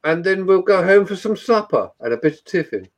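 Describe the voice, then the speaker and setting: A man's voice: high voice, animated, a little fast, voice pushed up. A man putting on the voice of a jolly, pompous upper-class Englishman, plummy and drawn out. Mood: mock-posh.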